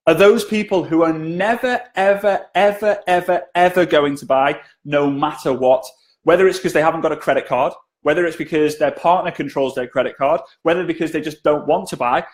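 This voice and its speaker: A man giving a live-streamed sales training talk, chatty and jokey, often asking viewers to comment. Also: fairly high pitch.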